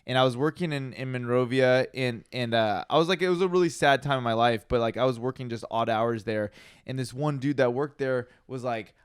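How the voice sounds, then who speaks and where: Young male host, smooth clear voice, dry close mic, profane storyteller. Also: medium pitch, a little fast, no echo. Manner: profane, animated storyteller, acts out quotes. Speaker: podcast host. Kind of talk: casual storytelling chat.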